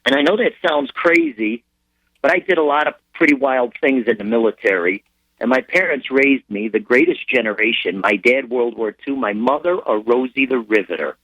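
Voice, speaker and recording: Middle-aged male radio guest, lively swinging pitch, dry close sound, rambling storyteller. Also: moderate pace, no room sound, rough recording. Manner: animated, rambling anecdotes with frequent restarts. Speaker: military sergeant and charity founder as a guest.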